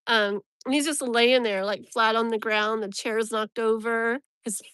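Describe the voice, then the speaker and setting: A woman's voice: fairly high pitch, fairly even intonation, normal speed, fairly bright tone, clear, resonant tone, dry recording, studio quality. A woman tarot reader chatting casually on a live stream from her phone, rambling and laughing often.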